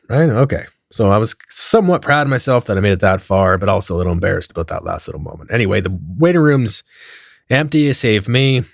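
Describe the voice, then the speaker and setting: A man telling a comedic story in a profane, animated way, acting out the dialogue as he goes. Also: fairly low pitch, vocal fry, no echo, clean studio sound.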